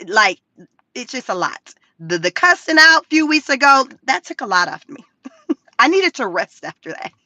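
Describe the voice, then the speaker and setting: A woman talking casually on a livestream, profane and animated, laughing often. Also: high-pitched, dry recording. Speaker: YouTube commentary creator.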